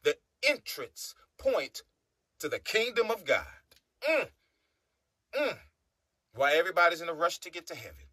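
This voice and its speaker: Slow, animated man preaching. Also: on the high side, dry recording. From United States. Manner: emphatic, repeating phrases with humming pauses. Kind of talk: preaching monologue.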